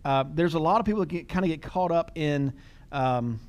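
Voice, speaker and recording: A man's voice: a little high, fairly quick, a little mellow. A middle-aged man hosting a podcast, talking casually, telling stories with quoted dialogue and laughing easily. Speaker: podcast host.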